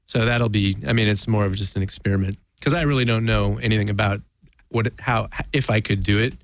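A man's voice: on the low side, fairly even intonation, brisk, no room sound. A man talking as a guest musician in a casual interview, rambling and self-deprecating, laughing often.

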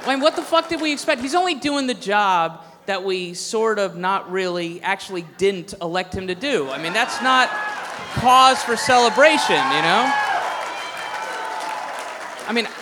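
A man's voice: high voice, expressive, unhurried, noisy background. A man doing a stand-up set, ranting in a profane, sarcastic way. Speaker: stand-up comedian. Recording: echoey hall with faint crowd.

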